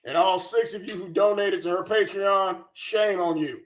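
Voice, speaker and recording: High-voiced man mocking with scorn. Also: normal speed, noisy background. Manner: profane, scornful and sarcastic. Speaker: commentary channel host. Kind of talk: mocking reaction commentary.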